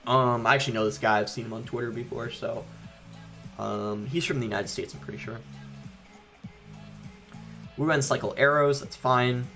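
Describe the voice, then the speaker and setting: A man's voice: medium pitch, steady tone, normal speed, long pauses, sharp tone, soft background music. A young man casually commenting on his own gameplay as he plays, thinking aloud with frequent ums. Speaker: gaming YouTuber.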